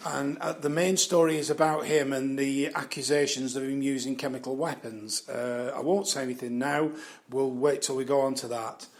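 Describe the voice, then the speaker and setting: A man's voice: medium pitch, creaky, slight background noise. A man giving rambling, casual commentary on the news, swearing freely, chuckling often and trailing off with fillers. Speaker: vlogger.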